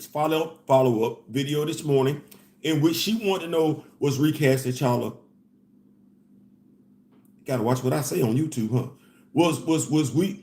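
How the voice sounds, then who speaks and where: Animated man in an echoey room. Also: a little high. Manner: animated, laughing, repeats phrases. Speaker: host. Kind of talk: casual commentary.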